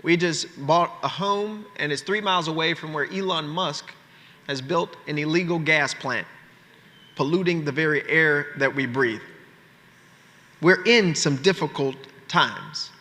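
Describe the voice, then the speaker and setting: A man's voice: fairly high pitch, measured pace, pushed and bright. Fiery man in a big echoing hall. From Memphis, Tennessee, USA. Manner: fiery call-and-response, rhythmic repetition. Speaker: keynote speaker, state legislator. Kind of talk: political rally speech. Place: large conference hall. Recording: long reverb of a big conference hall.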